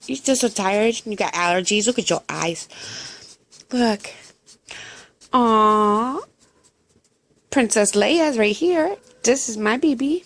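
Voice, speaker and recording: Lady baby-talking her cats at home, gravelly voice, slow and drawn out. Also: on the high side, lively intonation. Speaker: vlogger, pet owner. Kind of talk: casual talk to her pets.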